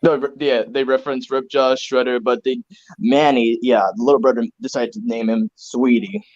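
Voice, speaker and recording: A man co-hosting a casual online fan discussion, animated and eager to add trivia. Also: medium pitch, moderate pace, muffled recording. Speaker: co-host.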